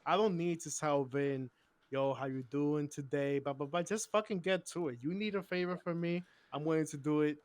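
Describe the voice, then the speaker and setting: A man with a slightly high voice on a casual podcast, telling stories bluntly with plenty of slang and swearing. The sound is dry, with no room echo. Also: moderate pace. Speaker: podcast co-host. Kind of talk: casual chat.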